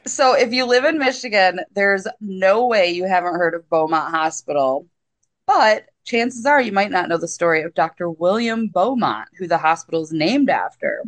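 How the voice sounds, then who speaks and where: A woman's voice: fairly low pitch, lively intonation, normal speed. Exasperated woman podcast co-host. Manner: exasperated, reacts with groans and laughs. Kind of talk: casual podcast banter.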